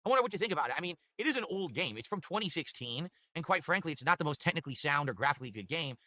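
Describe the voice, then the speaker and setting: A man's voice: a little high, racing. A man livestreaming from his home room, rambling and cursing as he thanks donors in casual chat. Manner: rambling, profane, animated thank-yous. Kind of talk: casual stream chat reading donations. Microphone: desktop USB mic.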